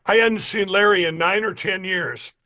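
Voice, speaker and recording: A man's voice: high-pitched, normal speed, pushed and bright. A man, an interview guest, telling stories emphatically, repeating himself and acting out what others said. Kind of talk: animated storytelling.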